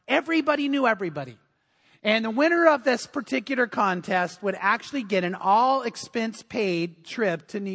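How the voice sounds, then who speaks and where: A man's voice: sits high, fairly bright tone. A man preaching a sermon as pastor in a church, telling humorous stories. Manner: humorous storytelling.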